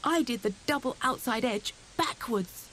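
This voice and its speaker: A woman voicing an excitable, boastful young male hare in a storybook reading. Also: on the high side, a little slow, a little hiss or hum, pitched above the performer's own voice. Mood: excited.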